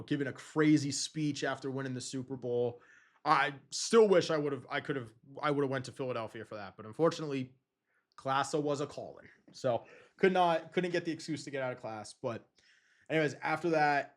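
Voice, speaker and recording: A young man hosting a podcast, rambling through casual sports talk in an excitable way and swearing freely. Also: medium pitch. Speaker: podcast host.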